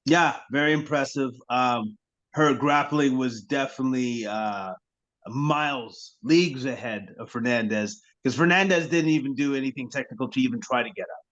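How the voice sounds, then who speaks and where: A man's voice: medium pitch, moderate pace, a bit bright. Sarcastic laughing man, dull lo-fi sound. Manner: sarcastic, laughing, repeats himself. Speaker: sports podcast co-host. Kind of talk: casual chat.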